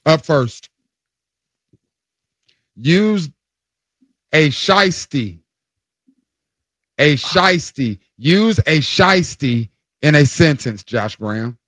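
A man's voice: a little high, animated, very slow, long pauses, fairly bright tone, dry recording. A man appearing as a regular guest on a sports radio show, running a playful quiz and teasing the host. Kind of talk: casual radio chat.

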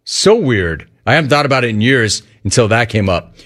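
A middle-aged man from Southern California hosting a sports talk radio show, animated and playfully ribbing his callers. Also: medium pitch, fairly quick.

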